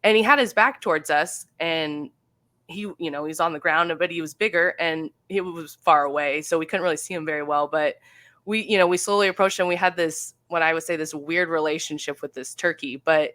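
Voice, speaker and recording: Low-voiced woman telling a story. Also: brisk, a bit bright, dry recording. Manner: chatty, full of fillers and acted-out quotes. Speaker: guest. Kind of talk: casual storytelling.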